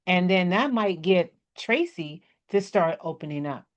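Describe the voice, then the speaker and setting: A woman's voice: fairly low pitch, animated, measured pace. A woman with a slight country twang teaching speaking skills in a casual, coaching way, often checking in with her listeners. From Maryland area. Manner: chatty, coaching, checks in with "okay? right?". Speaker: business speaking presenter. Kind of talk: casual workshop talk. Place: indoors at a computer. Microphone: desk microphone with webcam. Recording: dull lo-fi sound.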